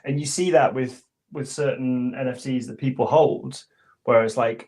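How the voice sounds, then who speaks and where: A man's voice: medium pitch, steady tone, moderate pace, darkish tone. A man from Britain with a British accent, joking easily in casual panel chat.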